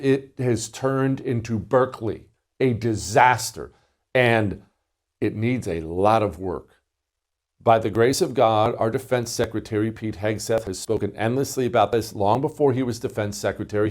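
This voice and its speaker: A man's voice: on the low side, darkish tone. A middle-aged man hosting a political talk show, speaking in an emphatic, indignant commentary monologue. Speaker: radio show host.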